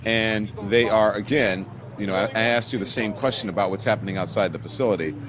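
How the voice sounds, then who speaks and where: A man hosting a live news talk show, questioning a guest in a halting, hesitant way. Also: lowish voice, crowd noise. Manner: hesitant, full of fillers and restarts. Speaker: host.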